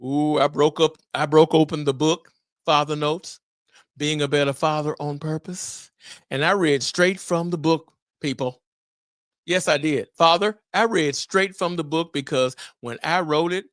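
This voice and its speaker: A middle-aged man hosting a solo podcast on fatherhood, talking in an animated, preacher-like way with exclamations. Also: a little high, a little slow, no echo, clean studio sound. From Memphis area, US. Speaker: podcast host.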